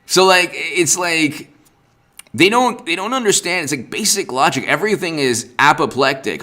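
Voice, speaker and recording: A man's voice: sits high, lively intonation, normal speed, pushed and bright. A man hosting a political livestream, ranting with sarcasm and exasperation and greeting viewers in the chat by name. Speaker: political commentary host.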